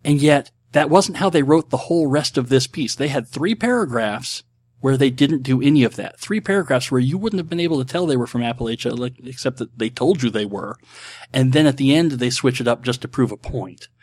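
A man's voice: medium pitch, brisk, a little mellow, breathy edge, dry recording. A middle-aged man hosting and answering viewer questions in casual talk. His speech is rambling and reflective, with many restarts and filler words.

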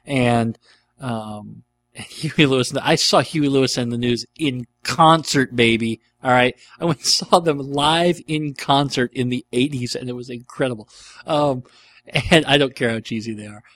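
A man's voice: medium pitch, measured pace, fairly bright tone, no room sound. Rambling middle-aged man with dry sound. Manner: rambling and enthusiastic, with frequent fillers. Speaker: podcast host answering listener questions. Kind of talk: casual chat.

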